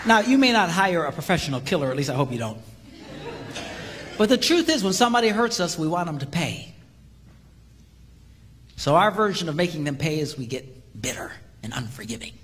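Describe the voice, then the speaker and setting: Man, humorous sermon, animated storytelling, long hall reverb, faint room hum. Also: fairly quick, long pauses. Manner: animated, jumps to high voices for quotes, laughs. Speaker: marriage seminar speaker.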